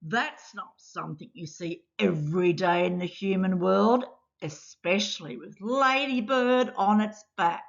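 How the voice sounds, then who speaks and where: A woman voicing a curious little snot creature that talks in an excited, wondering storybook voice. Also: mid-range voice, measured pace, gravelly. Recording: dull lo-fi sound.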